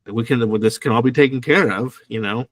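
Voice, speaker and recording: A man co-hosting a podcast in casual chat, relaxed and explanatory. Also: medium pitch, fast talker, no echo. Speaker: podcast co-host.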